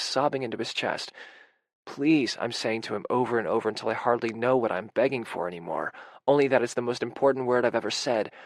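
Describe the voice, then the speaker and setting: A man's voice: medium pitch, dry recording. Man narrating an intimate audiobook. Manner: intimate and emotional, with anxious, racing passages. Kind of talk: scripted first-person audiobook narration.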